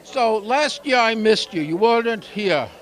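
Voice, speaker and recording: A man's voice: sits high, lively intonation, a little slow, fairly bright tone. A man hosting a local TV show on location at a busy photography exhibition opening, chatting and joking with a handheld mic. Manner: chatty, joking, rambling asides. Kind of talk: casual on-location interview.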